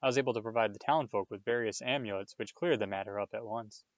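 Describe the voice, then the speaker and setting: A man reading aloud, voicing a boastful, vain male wizard teacher who brags briskly. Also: fairly low pitch, no room sound, muffled recording, lightly acted. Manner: brisk, self-satisfied bragging.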